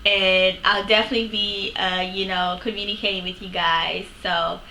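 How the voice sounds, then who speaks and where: Woman vlogger telling a story to her camera, chatty and animated, faint hum behind. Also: mid-range voice, normal speed. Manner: chatty, animated retelling with fillers. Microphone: camera mic. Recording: echoey room, faint background noise.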